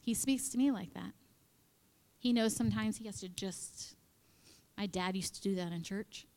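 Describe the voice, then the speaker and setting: A woman giving an animated devotional talk at church, acting out quotes and dropping into whispers. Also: mid-range voice, normal speed. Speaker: church speaker.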